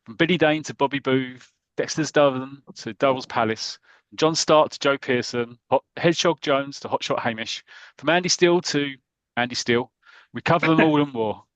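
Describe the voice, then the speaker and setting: A man's voice: medium pitch, normal speed, a bit bright, dry recording, lo-fi sound. A British man hosting a podcast, playfully introducing each member of the team in a casual chat. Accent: British English. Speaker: podcast host.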